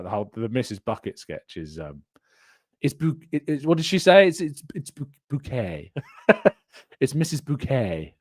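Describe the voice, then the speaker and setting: On a dry, studio-quality recording, a man from England hosts a live fan stream in a mid-range, darkish voice. He reads viewer comments aloud, chatting loosely, meandering and frequently laughing.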